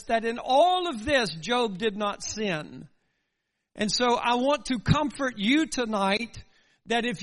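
A man's voice: very high-pitched, a bit bright. A man preaching a sermon with passion, speaking straight to his congregation and pushing his voice up at the climaxes. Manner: impassioned preaching, voice swelling at climaxes; addresses the congregation directly.

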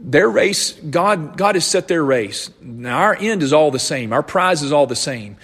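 Husky-voiced pastor preaching in a reverberant hall. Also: male voice, fairly high pitch, lively intonation, unhurried, a bit bright. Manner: earnest, repeats and restarts phrases while explaining scripture. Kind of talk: sermon.

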